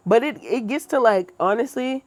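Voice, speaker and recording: A woman's voice: a little high, lively intonation, normal speed, darkish tone. A woman co-hosting a podcast, talking in a blunt, profane, opinionated way in casual chat. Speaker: podcast co-host.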